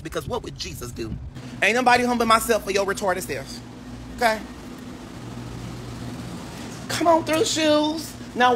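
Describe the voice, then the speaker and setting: A man's voice: pushed and bright, slight background noise. Sassy shrieking man on a livestream. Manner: flamboyant, sassy, with shrieks and sudden high exclamations. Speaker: social media personality on a livestream. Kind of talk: casual livestream rant.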